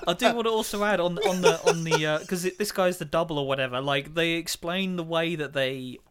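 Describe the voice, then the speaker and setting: A man's voice: a little high, brisk, a bit bright, smooth. A man tossing in sweary, wisecracking quips in casual podcast chat. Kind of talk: casual film review chat.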